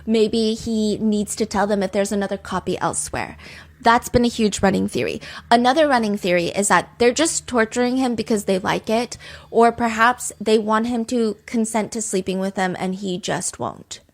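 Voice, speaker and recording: A woman's voice: mid-range voice, normal speed. A woman hosting a true crime podcast, chatting casually and animatedly, piling up speculative rhetorical questions. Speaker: podcast host.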